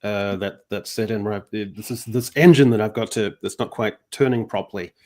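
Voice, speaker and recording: A man's voice: fairly low pitch, fairly quick, darkish tone. A man hosting a livestream, chatting casually with a sarcastic, rambling delivery. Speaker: host.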